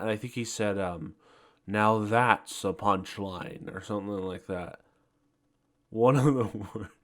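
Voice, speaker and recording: Slow, low-voiced man reflecting. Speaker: video reviewer. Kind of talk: casual commentary aside.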